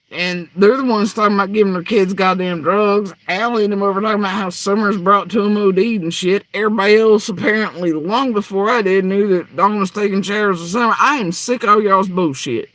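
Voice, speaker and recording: A man delivering a heated, profane rant, swinging between loud outbursts and low muttering. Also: no room sound. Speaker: podcaster ranting.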